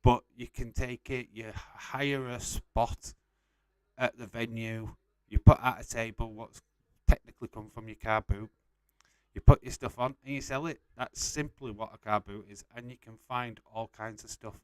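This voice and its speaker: A man's voice: mid-range voice, fairly even intonation, normal speed, darkish tone, smooth, no echo. A young man casually hosting a live stream, reading out and answering chat messages and laughing often.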